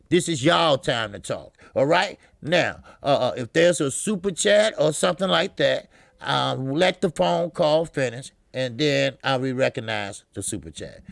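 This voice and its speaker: A loud boxing talk host whose high, gravelly voice swings wildly up and down. He curses freely, laughs a lot and shouts out names from the live chat, all in a dry, close-miked sound. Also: dry recording. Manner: loud, profane, laughing often, shouting greetings to chatters.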